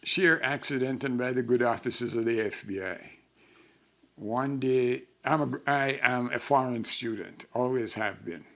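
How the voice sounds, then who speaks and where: Older man telling lively anecdotes. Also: medium pitch, unhurried. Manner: animated storyteller who acts out the voices in his anecdotes. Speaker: interviewee. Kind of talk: storytelling interview.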